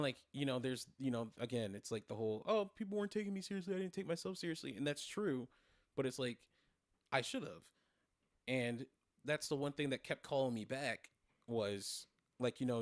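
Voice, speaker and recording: A man's voice: medium pitch, no room sound. A man in his twenties hosting a casual livestream chat, rambling and profane, full of fillers and restarts. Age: 20s. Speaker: streamer host.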